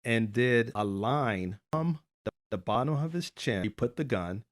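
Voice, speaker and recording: A man's voice: mid-range voice, expressive, measured pace, dry recording, clean studio sound. A male podcast host in casual chat, a rambling storyteller who jokes bluntly.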